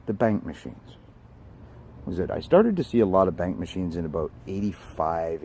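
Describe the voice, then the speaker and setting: An older man who works as a network engineer delivers a blunt, emphatic vlog rant outdoors beside a street, swearing casually throughout. His voice is on the low side, with a noisy background.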